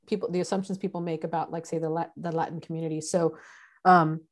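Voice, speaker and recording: A woman's voice: low voice, flat delivery, fast talker. A woman from San Diego in casual conversation, explaining her points earnestly. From San Diego, United States.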